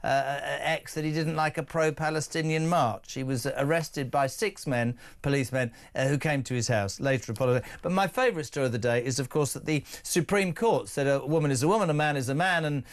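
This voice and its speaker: A man hosts a live phone-in from a radio studio, rattling through listener texts with brash, joking asides. His voice sits a little high for a man, close on a studio microphone. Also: a little fast, hardly any pauses. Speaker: radio talk show host.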